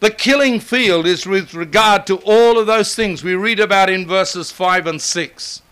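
Older man, sermon, high bright voice, smooth and clear, emphatic. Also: a little slow. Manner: emphatic, building to forceful repetition. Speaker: preacher.

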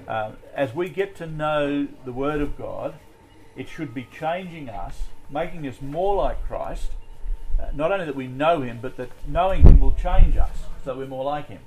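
A man's voice: mid-range voice, a little mellow, a little hiss or hum, poor audio. Man leading a Bible study. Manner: conversational, with frequent fillers and restarts. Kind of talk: teaching a group Bible study.

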